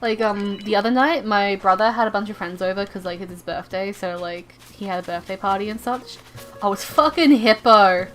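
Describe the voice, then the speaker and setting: A young woman streaming a game, chatting casually in an excitable, rambling way, often stammering and repeating herself. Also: medium pitch, a little fast, hardly any pauses, soft background music. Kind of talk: casual live-stream chat while gaming.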